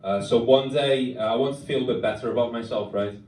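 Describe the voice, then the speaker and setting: A man's voice: mid-range voice, quick pace, darkish tone, slight background noise. A young man with a Scouse accent performing stand-up, dry and self-deprecating, with many "uh" fillers. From Liverpool, England. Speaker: stand-up comedian. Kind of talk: stand-up set. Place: comedy club stage. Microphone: stage microphone. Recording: echoey club recording from a distance. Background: audience laughter.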